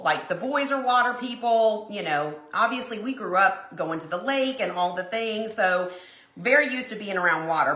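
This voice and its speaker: A woman's voice: a little high, sharp tone, echoey room. A woman, chatting gushingly as host of a live craft stream while she paints and reads viewer comments aloud.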